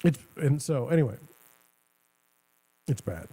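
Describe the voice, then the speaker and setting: A man's voice: mid-range voice, sing-song, takes it slowly, warm tone, breathy edge. A middle-aged man hosting a talk show, rambling and sarcastic in casual commentary, often cutting himself off mid-sentence. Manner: rambling, sarcastic, self-interrupting. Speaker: show host.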